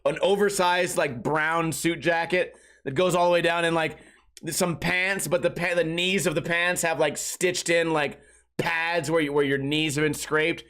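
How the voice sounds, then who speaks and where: Crude rambling man with a higher voice. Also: steady tone, measured pace, a bit bright. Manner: crude, rambling, heavy on filler words. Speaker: podcast host. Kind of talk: casual comedic podcast monologue.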